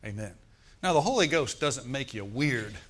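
A man's voice: mid-range voice, lively intonation, moderate pace, husky. A middle-aged male preacher, telling a story and calling out to the congregation in a sermon. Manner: storytelling, asks the congregation for responses.

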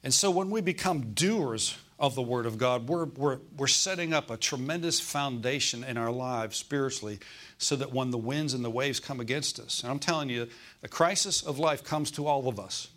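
A man's voice: medium pitch, moderate pace, a bit bright. A middle-aged man preaching a sermon, repeating phrases for emphasis and asking his listeners for amens.

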